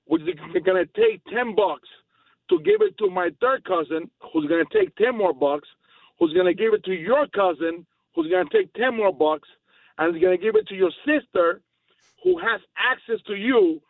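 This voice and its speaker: A man's voice: sits high, wildly swooping pitch, moderate pace, vocal fry, dry recording. A man calling in to a talk radio show, making his points in an emphatic, rambling way. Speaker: caller. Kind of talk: casual phone-in chat. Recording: tinny phone line.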